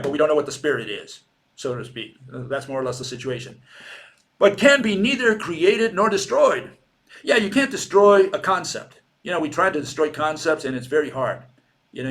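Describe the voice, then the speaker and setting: Sardonic man lecturing with a Spanish accent. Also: fairly high pitch. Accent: Latin American Spanish. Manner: sardonic, argumentative, rhetorical questions; acts out quoted people in a mocking voice. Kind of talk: informal lecture.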